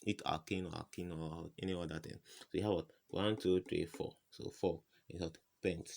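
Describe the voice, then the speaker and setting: A man's voice: low voice, fairly even intonation, normal speed, gravelly, a little mellow. A man tutoring chemistry in an informal lesson, firing rhetorical "what?" questions at the viewer and repeating each answer. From West Africa.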